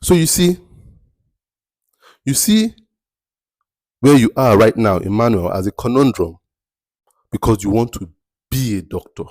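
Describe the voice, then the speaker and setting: A man's voice: fairly low pitch, animated, moderate pace, darkish tone, dry recording. A man giving a motivational talk as a mentor, emphatic and rhetorical, repeating his key phrases. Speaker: mentor giving life advice.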